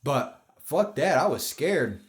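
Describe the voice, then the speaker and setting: A man's voice: a little high, takes it slowly. Profane man telling street stories. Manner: profane, animated storyteller who acts out quotes. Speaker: podcast host. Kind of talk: casual storytelling chat.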